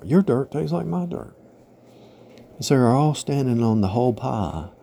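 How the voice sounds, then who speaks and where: Man, lowish dark mellow voice, loose conversational preacher, drifts through long parables, lots of repetition. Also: gravelly. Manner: rambling, repetitive, parable-style with frequent "right?" and "you know?". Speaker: religious teacher. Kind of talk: informal spiritual teaching monologue.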